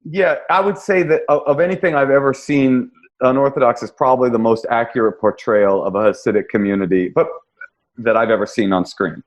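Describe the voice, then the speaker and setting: A man's voice: medium pitch, fairly even intonation, brisk. A man, a comedian guest, telling wry, self-deprecating stories in a casual podcast chat. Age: young adult.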